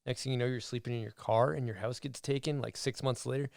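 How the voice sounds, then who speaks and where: A man's voice: medium pitch, steady tone, fast talker, vocal fry, darkish tone, no echo, clean studio sound. A man co-hosting a podcast, chatting in an easygoing, agreeable and reflective way. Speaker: podcast co-host. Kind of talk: casual interview chat.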